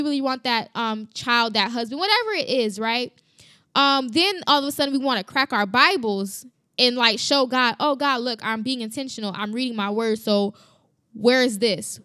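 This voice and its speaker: A woman's voice: high voice, bright, forceful tone, dry recording, studio quality. A woman preaching in a casual, emphatic way into a microphone, repeating phrases and asking rhetorical questions. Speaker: christian podcast host. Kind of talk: casual sermon. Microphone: studio mic.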